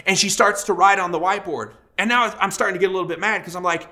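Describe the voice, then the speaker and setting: Bright-voiced man preaching a sermon. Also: sits high, quick pace. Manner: storytelling, animated, acts out quoted voices. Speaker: pastor.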